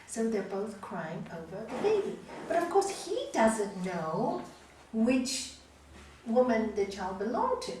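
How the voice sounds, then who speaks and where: A woman yoga teacher telling stories to a group in a lively, animated way, in a large room. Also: fairly high pitch, slow pace, slight background noise. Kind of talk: storytelling lecture to a group. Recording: echoey hall from far off.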